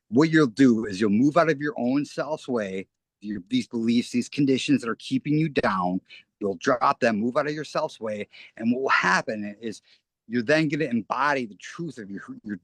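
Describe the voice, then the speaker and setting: A man's voice: mid-range voice, husky, no room sound. A man talking as an interview guest, rambling earnestly and often restarting his phrases. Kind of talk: casual spoken interview.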